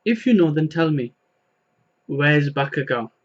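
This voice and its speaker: A man's voice: on the high side, lively intonation, measured pace, highs cut off. A man casually recapping a manga chapter, rambling with many fillers and retelling the dialogue. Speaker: manga reviewer.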